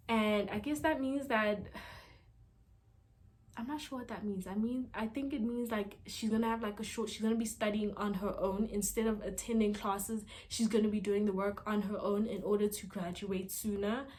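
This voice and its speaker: A woman's voice: mid-range voice, darkish tone. A woman casually recapping a TV episode, talking in a chatty way with lots of fillers and asides. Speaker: TV episode reviewer.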